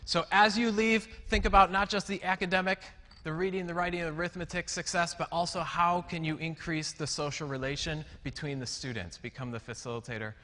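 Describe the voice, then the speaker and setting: A young man giving an energetic conference talk, acting out little scenes as he speaks. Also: on the high side, brisk. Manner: upbeat, acts out little scenes. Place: large hall. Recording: long hall reverb.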